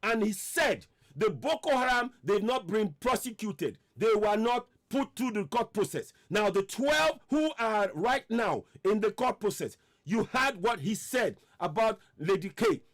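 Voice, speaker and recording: A man's voice: high voice, lively intonation, measured pace, a bit bright. A man hosting an online radio show, speaking out in impassioned commentary and hammering home repeated rhetorical questions.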